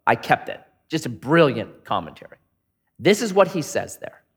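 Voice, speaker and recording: A man's voice: mid-range voice, moderate pace, husky. A middle-aged man preaching a sermon, telling a story with acted-out voices and jokes. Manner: animated storyteller, acts out voices in anecdotes. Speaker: pastor.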